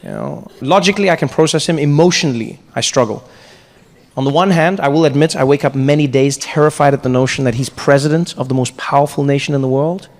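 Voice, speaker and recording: A man from South Africa performing stand-up comedy, telling stories in an animated, exaggerated way. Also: mid-range voice. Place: large theatre, live audience. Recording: live hall, audience laughter.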